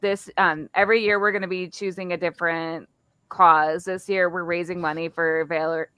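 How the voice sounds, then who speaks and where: Lowish voiced woman cohost, chatty, stumbles a bit, dry close sound. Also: fairly even intonation, normal speed, bright, forceful tone, smooth, no echo. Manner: chatty, stumbles over words. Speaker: podcast co-host. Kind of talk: casual chat.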